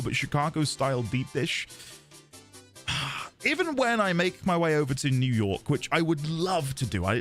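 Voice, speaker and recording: A British man streaming a video game, chatting casually with his viewers, quick to laugh and self-deprecating. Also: a little high. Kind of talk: casual live-stream chat.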